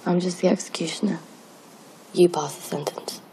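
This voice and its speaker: An actress playing a hardened, blunt young female assassin in a TV drama, speaking quietly. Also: on the low side, fairly even intonation, moderate pace, slight background noise, lightly acted, rough recording. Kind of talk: TV drama dialogue.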